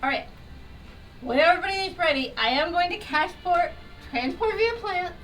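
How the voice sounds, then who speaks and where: A woman playing a tabletop game, brisk and a little impatient. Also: very high-pitched, lively intonation, a bit bright, recorded from a distance, soft background music, rough recording. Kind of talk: casual chat at a game table.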